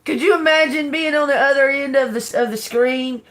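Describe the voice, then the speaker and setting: Running a casual tarot livestream, this older woman giggles, laughs through her speech, and curses a lot in a slow drawl. Her voice is high and a bit bright, with a steady tone.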